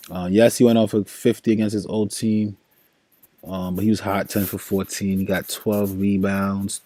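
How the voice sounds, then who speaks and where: A man with a deep, mellow New voice runs through fantasy basketball picks on a livestream. He talks in loose slang, muttering his thoughts aloud and turning to chat with viewers. The sound is close and dry. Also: no room sound. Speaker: fantasy sports streamer.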